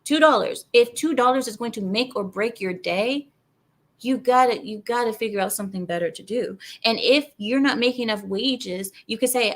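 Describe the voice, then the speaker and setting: A woman's voice: on the high side, moderate pace. A woman from outside America hosting a channel, ranting in casual commentary and speaking straight to her viewers. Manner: animated, ranting, asides to viewers. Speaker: channel host.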